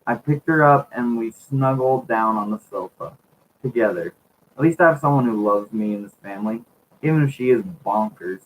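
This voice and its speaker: A man's voice: medium pitch, normal speed, slight background noise, poor audio. A man reading a children's book aloud for a video, repeatedly cracking up with laughter. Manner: giggly, keeps cracking up while reading.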